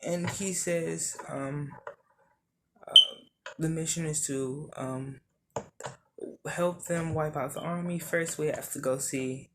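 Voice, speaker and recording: A narrator improvising a fan-made story, talking in a halting way with many ums and correcting details as they go. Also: mid-range voice, fairly even intonation, heavy background noise.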